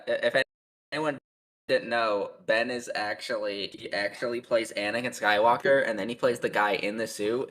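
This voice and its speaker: A man's voice: fairly low pitch, fairly bright tone, rough recording. A young man hosting a casual podcast chat, who rambles with lots of fillers, swearing and frequent laughter. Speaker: podcast host.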